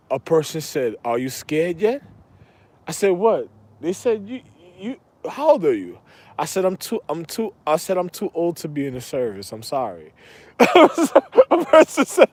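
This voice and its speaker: A man rambling in a monologue, repeating himself and breaking into laughter. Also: fairly high pitch. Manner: repetitive, laughing, erratic.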